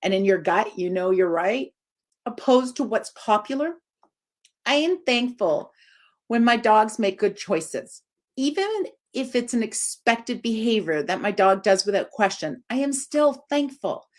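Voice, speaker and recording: A woman in her forties, a dog trainer giving an informal live video talk, expressive and swinging up high for emphasis. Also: unhurried.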